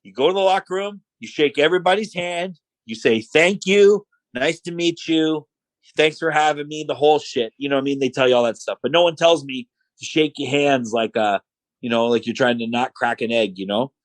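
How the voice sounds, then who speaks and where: A man's voice: mid-range voice, brisk, dry recording, low-quality recording. A man, a podcast guest, telling stories casually and animatedly, acting out the quotes. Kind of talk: casual storytelling.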